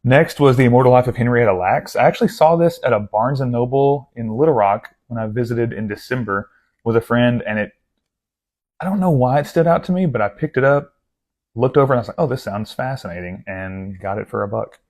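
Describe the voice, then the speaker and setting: A young book vlogger with a medium-pitched, slightly mellow voice chats fairly quickly about his latest book haul. He's rambling and self-deprecating, full of asides and restarts.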